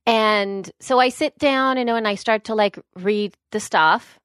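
A woman's voice: medium pitch, measured pace, a bit bright, clean tone, no room sound, studio quality. Rambling woman podcast co-host. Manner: rambling, self-correcting, laughs at herself. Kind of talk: casual chat.

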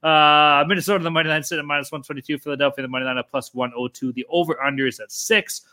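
Bright-voiced man talking hockey bets. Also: fairly high pitch, fairly even intonation, fast. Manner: loose, swears often, joking. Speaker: podcast co-host. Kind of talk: casual sports betting chat.

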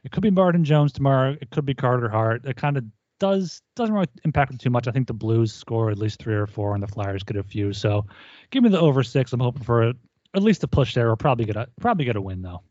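A man's voice: medium pitch, lively intonation, fast, darkish tone, no room sound. A man co-hosting a sports betting podcast in an easygoing, hedging way. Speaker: podcast co-host. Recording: dry dull lo-fi audio.

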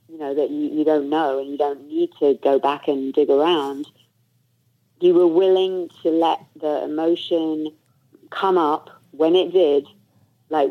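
Halting reflective host on a dull line. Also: medium pitch. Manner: halting, searching, many "you know"s. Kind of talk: reflective podcast conversation. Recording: dull lo-fi recording.

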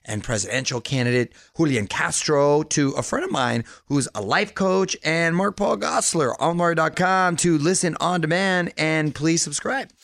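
A man's voice: fairly high pitch, moderate pace, few pauses, a bit bright, a little hiss or hum. A man hosting a radio show in a studio, with an upbeat, punchy delivery. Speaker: radio host.

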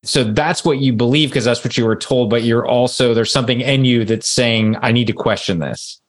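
A man's voice: mid-range voice, moderate pace. A man hosting a true-crime podcast interview, summarizing the guest's account and prompting her to go on.

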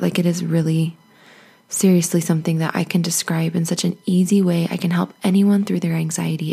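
A woman hosting her own podcast as a life coach, talking casually in a chatty, encouraging way with a husky morning voice. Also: on the low side, dark tone. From United States. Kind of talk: casual solo podcast talk.

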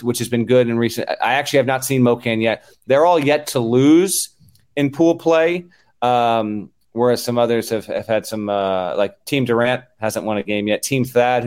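A man hosting a podcast live from a basketball tournament, recapping players in a loose, rambling way with fillers. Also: medium pitch. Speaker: podcast host. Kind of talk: casual chat.

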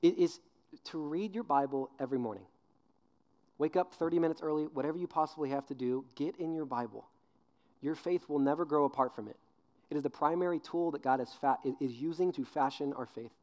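A man in his twenties preaching a sermon, telling an animated story with acted-out voices, then dropping low and earnest on serious points. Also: fairly quick. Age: 20s. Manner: animated storyteller, acts out voices with big pitch jumps. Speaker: youth pastor.

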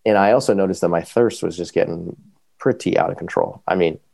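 Male podcast guest, deep rough voice, rapid casual storytelling, dry close sound. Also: no echo. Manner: animated, quick, full of fillers.

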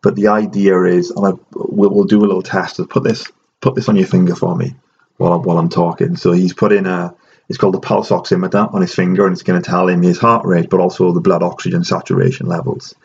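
A man with a very low, gravelly voice talks through ideas in a casual podcast chat, often restarting his sentences. The audio is dull and carries a faint hiss. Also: a little mellow. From Ireland. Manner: chatty, restarts often, explaining. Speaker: host.

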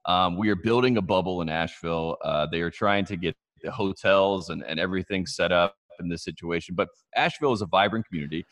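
A man from North Carolina co-hosting a podcast in casual chat, brisk and matter-of-fact like a reporter. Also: low-pitched, a bit bright. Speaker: podcast co-host.

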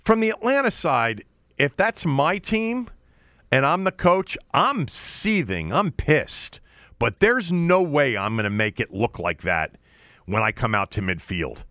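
A man's voice: medium pitch, sing-song, unhurried, fairly bright tone, no room sound, clean studio sound. A man co-hosting a casual sports talk show, blunt and opinionated, cursing freely and restarting his sentences often. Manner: blunt, swears, many restarts. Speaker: podcast co-host.

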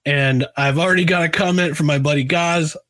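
A man hosts a casual talk show, rambling and chatty, often restarting his sentences. His voice sits a little high for a man. It is recorded dry and close, with no room sound. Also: fairly even intonation, fairly quick, a bit bright, no echo. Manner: chatty, drinks a beer while talking. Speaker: podcast host.

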